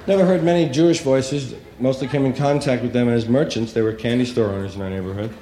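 A man doing a stand-up comedy routine, telling rambling, profane, animated stories. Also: mid-range voice, fast talker, in a large hall.

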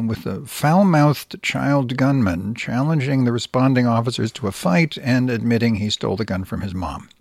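A man's voice: mid-range voice, vocal fry, darkish tone, no echo, studio quality. A man reading news articles aloud and adding blunt, wry asides. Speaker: news commentator.

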